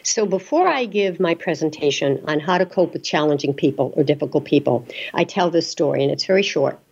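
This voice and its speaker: A woman's voice: low voice, expressive, a little fast, gravelly, a little mellow, slightly rough. A woman hosting an interview, chatty and telling stories to make a point. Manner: chatty storyteller. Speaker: podcast host. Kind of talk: interview talk. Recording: dull lo-fi sound.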